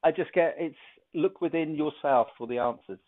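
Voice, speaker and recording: A man's voice: fairly high pitch, moderate pace. A man hosting a psychic show, chatty and joking as he gives card readings and runs a quiz over a video call. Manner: chatty, joking, thinks aloud. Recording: tinny phone-like line.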